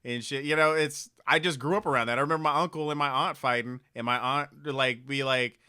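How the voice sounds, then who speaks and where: A man co-hosting a casual comedy podcast, talking in a relaxed, loose way with lots of fillers. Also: mid-range voice, a little fast, clean tone. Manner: relaxed, filler-heavy, laughing. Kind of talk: casual chat.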